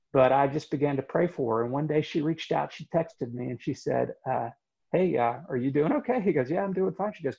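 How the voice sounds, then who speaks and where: A man tells a story in an earnest, halting way, pausing on fillers. His voice is gravelly and husky. The audio sounds dull and lo-fi. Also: fairly high pitch, darkish tone. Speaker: guest telling a story. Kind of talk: storytelling in conversation.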